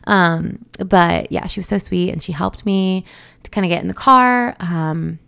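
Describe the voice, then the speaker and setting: A young woman tells her story in a loose, chatty monologue, laughing now and then and wandering into side notes. Her voice sits a touch low and has a gravelly fry. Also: measured pace, fairly bright tone. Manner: chatty, laughs often, many fillers and asides. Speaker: new mother telling her birth story.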